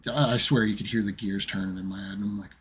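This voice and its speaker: Husky-voiced man telling a rambling story. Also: on the low side, steady tone, quick pace, fairly bright tone. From United States. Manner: profane, rambling anecdote. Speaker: streamer. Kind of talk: casual storytelling.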